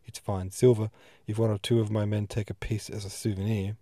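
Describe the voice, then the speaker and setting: Big swaggering french sergeant, blustery, dark dry voice, man doing him. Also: on the low side, flat delivery, a little fast, no room sound, close to an everyday voice. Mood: blustering.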